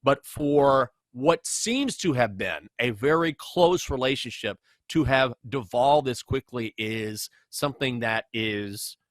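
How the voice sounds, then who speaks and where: A man co-hosting a sports podcast, talking sports in an animated, emphatic way. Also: mid-range voice, slow, few pauses, dry recording. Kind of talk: casual sports talk.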